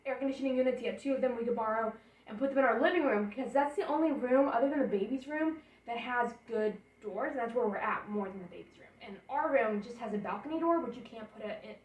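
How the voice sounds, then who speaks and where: This young woman's voice is fairly high, and she talks quickly. In a casual home vlog, she rambles and thinks aloud while unpacking baby gear in her bedroom, recorded with roomy sound from a camera a bit far off over the hum of a portable air conditioner.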